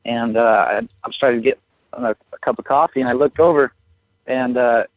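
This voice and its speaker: A man's voice: mid-range voice, steady tone, moderate pace, no room sound. A young man on a media conference call, hesitant and full of fillers. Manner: hesitant, many fillers and restarts. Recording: dry tinny phone line.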